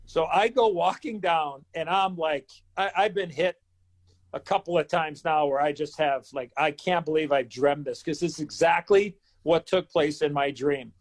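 A man's voice: high-pitched, moderate pace. A man in his fifties, a former hockey player, telling a story in an interview and acting out the dialogue. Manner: animated storyteller who acts out dialogue.

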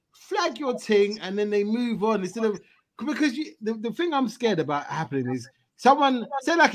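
A man hosting a casual football chat, animated and slangy, reading out viewer comments. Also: sits high.

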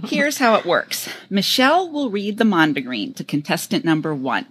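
A woman's voice: fairly low pitch, animated, normal speed, hardly any pauses, fairly bright tone, slightly rough. A woman co-hosting a casual podcast, teasing and playful. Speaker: podcast co-host. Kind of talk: casual chat.

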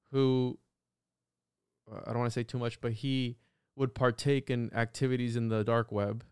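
A man's voice: mid-range voice, clean tone, no echo, studio quality. Swearing young man telling a story. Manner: animated, heavy swearing, quick repeated restarts. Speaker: podcast guest. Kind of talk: casual storytelling chat.

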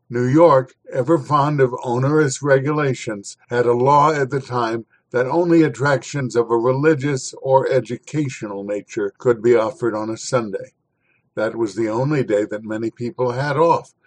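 A man's voice: mid-range voice, rough recording. A man hosting a podcast, with dry, sardonic commentary before reading a historical essay aloud. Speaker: podcast host.

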